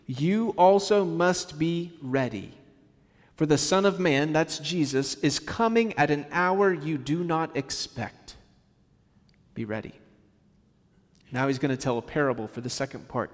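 A man delivers a sermon in a casual, animated style, slipping into quick acted-out voices to make his point. His voice sits a bit high for a man. The sound carries the long reverb of a large church hall. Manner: animated, conversational preaching with acted-out quotes. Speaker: pastor. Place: church sanctuary.

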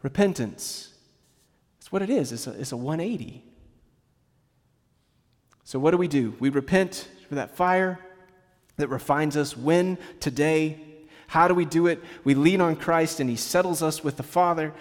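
A man preaching in a church, speaking in a fairly high voice that rings through a long hall reverb. He talks to the congregation conversationally, tossing in casual asides and rhetorical questions. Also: moderate pace, long pauses. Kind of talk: sermon.

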